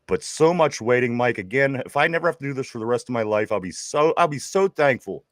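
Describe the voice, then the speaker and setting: A man's voice: medium pitch, lively intonation, fast, no room sound, clean studio sound. A man with a Pittsburgh accent, co-hosting a casual sports podcast and telling a rambling story, stammering and repeating his words. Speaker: podcast co-host.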